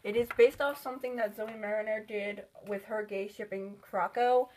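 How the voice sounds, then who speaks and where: A woman's voice: mid-range voice, fairly even intonation, moderate pace, background noise. A woman chatting casually in a vlog about her sketchbook, rambling and filling with "like". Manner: rambling, with many "like" fillers. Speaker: artist showing her sketchbook.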